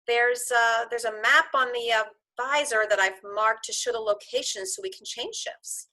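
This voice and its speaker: A woman's voice: a little high, animated, normal speed, pushed and bright. A woman reading the part of a cheerful, fussy young woman who plans everything, in an earnest casual script read-through.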